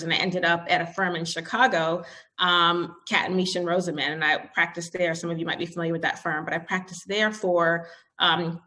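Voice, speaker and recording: A woman's voice: lowish voice, sharp tone. A woman in her forties, a company CEO, speaking to an audience and telling a candid story about her career, acting out bits of dialogue along the way.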